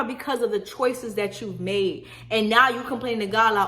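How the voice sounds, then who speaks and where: A young woman, casually lecturing on faith and choices in an animated, slangy way, often asking "you feel me?". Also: fairly high pitch, brisk, few pauses. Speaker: faith vlogger. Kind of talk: casual preachy monologue.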